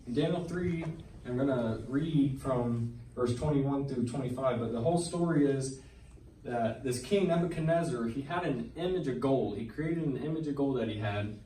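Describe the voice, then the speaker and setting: Here the testimony comes from a medium-pitched man with a dark tone, who retells a Bible story for the congregation in earnest, colloquial language that grows more intense. The audio is from an echoey church hall with a distant mic and faint noise behind him.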